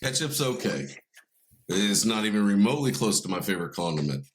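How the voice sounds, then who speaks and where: A man co-hosting a podcast, telling stories in a profane, ranting, animated way. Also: fairly low pitch, brisk, slight background noise. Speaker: podcast co-host. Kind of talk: casual comedic podcast banter.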